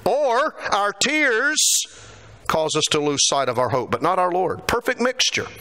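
Animated bright-voiced male preacher. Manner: animated, acts out quotes with rising pitch. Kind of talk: sermon. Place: church.

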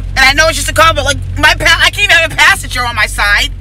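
A woman's voice: high-pitched, lively intonation, very fast, sharp tone, a little hiss or hum, poor audio. A young woman vlogging from inside her car, venting her frustration to the camera and swearing freely. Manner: profane, exasperated venting to camera. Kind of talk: casual vlog rant.

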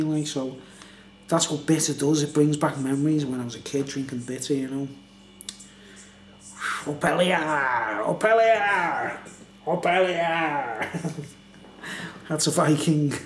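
A man's voice: on the high side, darkish tone. A man, a bit tipsy, rambles in a chatty, meandering way, forever leaning on filler phrases. His voice rings around a bare, echoey room with a faint hum underneath. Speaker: beer reviewer. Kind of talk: casual rambling monologue.

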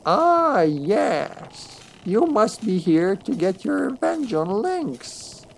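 A man voicing a wizened, ancient old crone who is sly and knowing, in a high cackling old woman's voice. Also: sing-song, very slow, gravelly, slight background noise, heavily acted.

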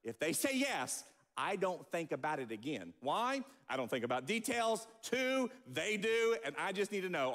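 High, lively preaching man in a hall. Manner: animated preaching with acted-out quotes. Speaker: pastor. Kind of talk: sermon. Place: church sanctuary.

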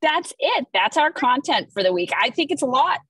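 A woman's voice: high-pitched, big pitch swings, moderate pace, a crowd in the background, rough recording. A woman hosting a casual video call, presenting the week's content playfully and enthusiastically with jokey asides. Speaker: host presenting weekly social media content.

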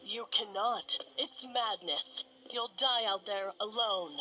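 An actress playing a loyal, impulsive young woman knight in an animated game short film, earnest and apologetic. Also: medium pitch, slow pace, rough recording. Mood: urgent. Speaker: film character.

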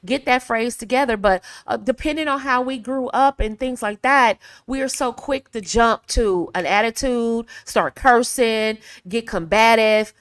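A woman's voice: a little high, measured pace, few pauses, no echo, studio quality. A woman from the American South with a Southern accent, giving casual advice in a chatty way, laughing often and acting out phrases. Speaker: video host.

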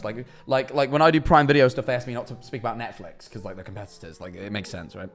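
A young man chatting on a live stream from his kitchen, telling a rambling, animated story and answering chat. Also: mid-range voice, fast, hardly any pauses. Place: kitchen at home.

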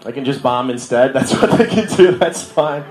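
This young man from Milwaukee, Wisconsin, does stand-up in a bar, keeping it loose and full of slang while laughing at his jokes. His mid-range voice is expressive and a little mellow, at normal speed, with echo from the bar room.

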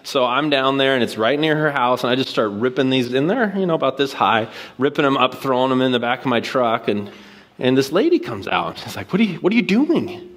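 A man's voice: mid-range voice, brisk. A man preaching a sermon on a church stage, telling a personal story in a casual, conversational way before moving to his main point. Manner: casual, storytelling, animated quoted voices. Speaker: guest preacher.

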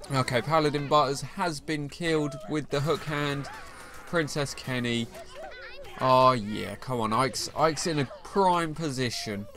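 A young man giving casual, excitable commentary over his own mobile game, bantering at his opponent. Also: mid-range voice. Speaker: gaming YouTuber. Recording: faint game music behind the voice.

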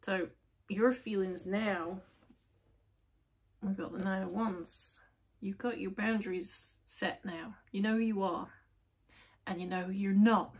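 A woman's voice: mid-range voice, steady tone, slow, a little mellow, husky. A woman giving a casual tarot reading to camera, talking straight to the viewer and asking and answering her own questions. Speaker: tarot reader.

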